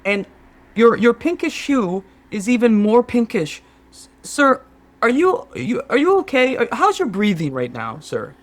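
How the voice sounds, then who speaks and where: A man's voice: extremely high pitch, big pitch swings, a little slow, voice pushed up, heavily acted. A Canadian man improvising a scheming, overly polite male Sherpa guide in his own regular voice, fussing with mock concern. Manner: fawning, mock-concerned, keeps saying sir. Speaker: podcast co-host. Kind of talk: improvised comedy sketch.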